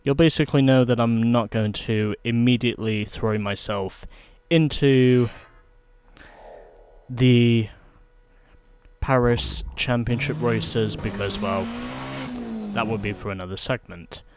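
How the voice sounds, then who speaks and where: A man's voice: medium pitch, fairly even intonation, takes it slowly, darkish tone, clean tone. A man talking through his video game playthrough in a chatty, explaining way. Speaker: let's play host. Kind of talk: gameplay commentary.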